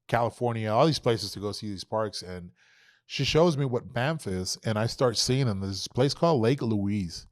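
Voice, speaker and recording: A man in his thirties telling hunting stories on a podcast, animated and profane, acting out what people said. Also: mid-range voice, dry recording, studio quality. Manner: animated, profane, acts out quotes. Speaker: podcast guest. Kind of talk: casual storytelling.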